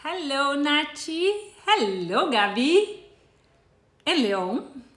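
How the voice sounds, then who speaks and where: Chatty Brazilian woman, slow and bright. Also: high-pitched, sing-song, roomy sound. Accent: Brazilian Portuguese. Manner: chatty, greets viewers by name. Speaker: cooking show host. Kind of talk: casual live-stream chat.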